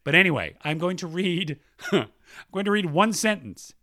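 A man's voice: sits high, expressive, moderate pace, pushed and bright, dry recording, clean studio sound. A male podcast co-host in casual chat, enthusiastically reading out listener mail.

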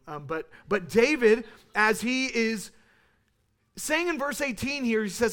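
High-voiced earnest man preaching. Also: lively intonation, a little slow, clean tone. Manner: earnest, building to emphatic peaks then dropping soft. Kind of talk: sermon.

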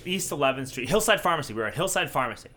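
Man, podcast co-host type, bright, forward voice, loose profane storytelling that circles and restarts. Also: a little high, expressive, very fast. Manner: rambling, profane, restarts a lot. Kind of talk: casual storytelling chat.

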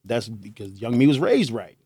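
Animated, joking man hosting a podcast. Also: medium pitch, moderate pace, husky, no room sound, clean studio sound. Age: young adult. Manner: animated, joking, laughs often. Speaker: podcast host. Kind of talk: casual monologue.

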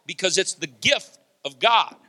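A man preaching a sermon, animated, laughing and acting out quotes. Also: high voice, measured pace. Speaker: pastor.

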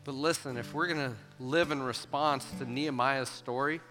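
A youth pastor preaching a sermon to students, animated and emphatic, acting out the voices in the stories he tells. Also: medium pitch, normal speed. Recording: long hall reverb with soft guitar.

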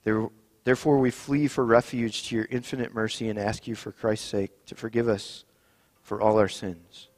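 A man leading a communion service as pastor, reading Scripture and praying in a measured, solemn way. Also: fairly low pitch, little pitch movement, darkish tone. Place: church sanctuary. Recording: long reverb in a church.

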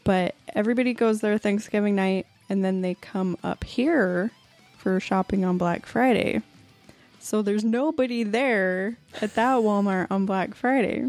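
A woman's voice: mid-range voice, measured pace, a little mellow, faint music behind. A woman co-hosting a casual podcast chat, telling anecdotes and giggling as she talks. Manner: chatty storyteller, giggles mid-sentence.

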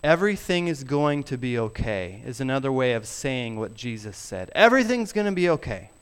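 A middle-aged man preaching a sermon, emphatic and deliberate, sometimes dropping his voice very low. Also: sing-song, smooth. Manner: slow, emphatic preaching with soft drops to near whisper. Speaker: pastor.

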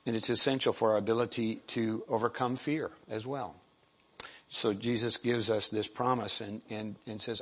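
A man delivers a sermon in a husky, somewhat low voice. He talks haltingly, restarting phrases and often clearing his throat. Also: fairly even intonation, low-quality recording. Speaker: lay preacher.

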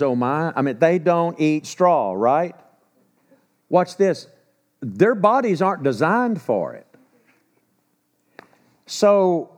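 Folksy storytelling preacher man. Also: on the high side. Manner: folksy storytelling with rhetorical questions. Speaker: pastor. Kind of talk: sermon.

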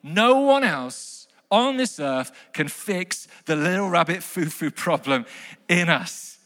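High, animated male preacher in a reverberant hall. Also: takes it slowly. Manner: emphatic, repeats key phrases, asks the congregation questions. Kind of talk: sermon.

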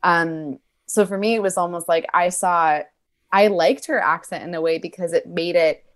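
A woman's voice: lowish voice, steady tone, moderate pace. A woman discussing a film and a poem in a thoughtful, reflective way.

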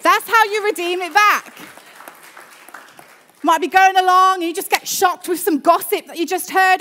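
A woman's voice: very high-pitched, fairly even intonation, moderate pace, long pauses, pushed and bright, a faint crowd. A woman preaching a sermon in church, emphatic, repeating her phrases and calling for an amen.

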